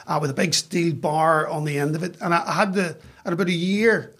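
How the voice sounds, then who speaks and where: Northern Irish man, middle-aged, husky, slightly high voice, chatty guest. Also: brisk. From West Belfast, Northern Ireland. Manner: chatty, self-mocking, animated retelling. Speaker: podcast guest. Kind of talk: casual storytelling.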